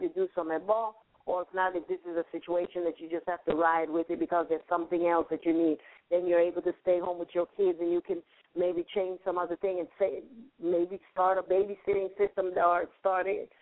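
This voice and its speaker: A woman, a spiritual teacher and interview guest, explaining her advice in an earnest way, often restarting her sentences. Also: on the low side. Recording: tinny phone-like radio line.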